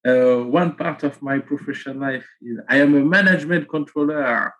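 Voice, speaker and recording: A man from the south of France with a Marseille French accent, speaking halting English with many fillers as an interview guest. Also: mid-range voice, fairly bright tone, poor audio. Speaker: guest, online seller.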